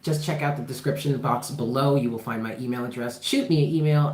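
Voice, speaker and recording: An impassioned tarot reader talking straight to viewers in a livestream, pressing points hard and swearing freely. The voice sits mid-pitch, and the room gives it a roomy echo. Phrases come back again and again for emphasis. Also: brisk, hardly any pauses, darkish tone, a little hiss or hum.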